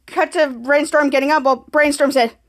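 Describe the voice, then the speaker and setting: A woman with a high-pitched voice hosts a casual podcast, walking through a TV episode shot by shot. She rambles and stumbles, restarting phrases and stringing scenes together with a steady "cut to.". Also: fairly quick. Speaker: podcast host.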